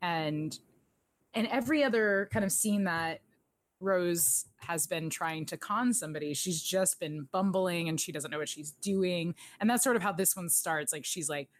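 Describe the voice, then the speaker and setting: A woman's voice: lowish voice, normal speed, no echo. A woman chatting as a podcast co-host, gushing about favorite movie scenes and quoting the characters' lines. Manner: enthusiastic, quotes characters, laughs often. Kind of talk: casual movie recap chat.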